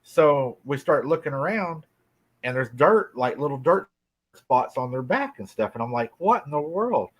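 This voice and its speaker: A man's voice: medium pitch, animated, normal speed. Folksy man telling a spooky tale. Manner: folksy, drawling, laughs often. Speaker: guest telling a cryptid encounter. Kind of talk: casual storytelling. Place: rural farm home.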